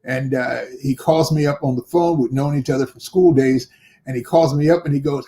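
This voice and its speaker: A mid-range voice at a moderate pace belongs to an older man, a bishop and pastor, sharing a story in an interview. He tells it with animation, voicing the dialogue of the figures involved.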